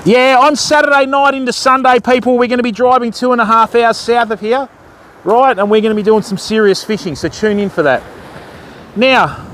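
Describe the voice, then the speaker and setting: A high-pitched man talks fishing gear while he casts from a stormy beach. His easygoing live-stream chatter greets viewers by name and keeps calling them mate. Faint wind and surf hiss sit under his voice. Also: a bit bright. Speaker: fishing livestream host.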